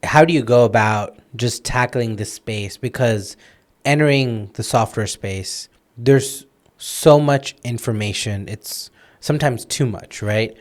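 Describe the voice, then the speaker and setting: A man's voice: medium pitch, measured pace. Man, podcast host, open questions, short affirming interjections. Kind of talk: interview questions and brief backchannel.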